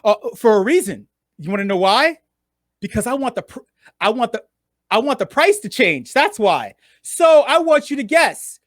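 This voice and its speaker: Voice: mid-range voice, big pitch swings, normal speed, no room sound, clean studio sound. A game show host running a live online contest, playful and teasing, swearing freely and stalling by drawing words out.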